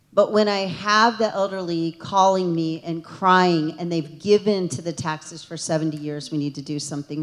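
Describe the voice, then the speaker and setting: A woman with a slightly low voice speaks at a township town hall as a state representative. She is earnest and emotional and keeps pressing toward forceful, emphatic peaks.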